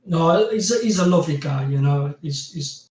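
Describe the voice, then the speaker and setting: With lively intonation at a normal speed, this man's voice is on the high side with a darkish tone. He's a Geordie graphic designer from North East England, strongly accented, guesting on a podcast and rambling through casual chat with plenty of laughs and "you know" fillers. The room sounds roomy, and he's distant from the mic.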